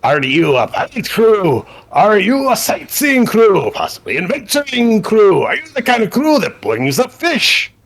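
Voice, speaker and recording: Man doing a talking magic ship, cheerful, exclamatory, high voice, swooping pitch, husky. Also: wildly swooping pitch, normal speed, hardly any pauses, a bit bright, exaggerated voice. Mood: excited. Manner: bubbly, exclamatory, rambling.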